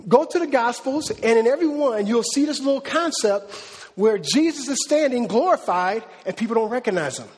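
A man preaching to his congregation, loose and conversational, tossing in slang as he walks through the scripture. His voice sits high and a little husky. The sound rings with the long reverb of a large hall. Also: expressive, normal speed, darkish tone. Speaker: pastor. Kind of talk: sermon.

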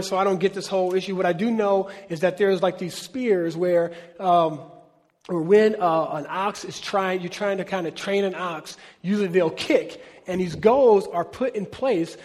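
High-voiced, husky pastor preaching in a hall. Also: male voice. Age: middle-aged. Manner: animated, acts out biblical dialogue. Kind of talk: sermon. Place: church.

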